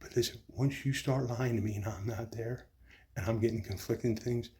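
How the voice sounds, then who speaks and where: A man's voice: mid-range voice, steady tone, moderate pace, mellow. A man giving a rambling, profane, emotional account of his mother's death in hospital. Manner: rambling, profane, agitated retelling. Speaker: grieving son telling his story.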